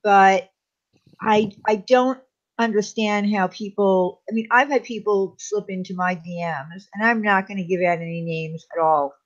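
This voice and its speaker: A woman's voice: medium pitch, fairly even intonation, moderate pace, highs cut off. A woman joining a casual online panel as a guest, talking hesitantly with lots of fillers. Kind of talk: casual group chat.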